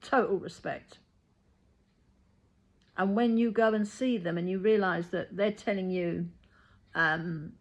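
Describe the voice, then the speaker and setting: A woman's voice: mid-range voice, takes it slowly, pauses often. A woman, a reiki healer talking in a blunt, matter-of-fact monologue and acting out the voices of people she quotes. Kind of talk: casual spoken monologue.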